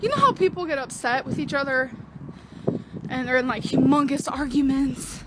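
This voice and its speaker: A woman talking in a casual vlog, rambling and halting as she gets emotional. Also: high voice, heavy background noise. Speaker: vlogger in archive clip.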